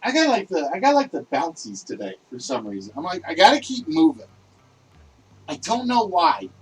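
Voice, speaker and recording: A man hosting a livestreamed list game show, talking loudly and excitably and chatting with his viewers. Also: a little high, moderate pace, breathy edge, far from the mic, low-quality recording.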